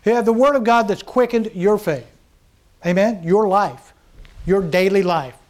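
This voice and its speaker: High-voiced preacher, conversational. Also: male voice, a little mellow. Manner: conversational preaching, asks the congregation questions; voices mockers and scripture in quick asides. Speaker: pastor. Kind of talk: sermon.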